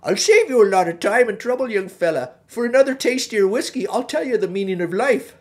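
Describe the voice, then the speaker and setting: Man putting on a gruff old bridge troll, lilt, blunt, lower voice. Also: animated, a little fast, a little mellow.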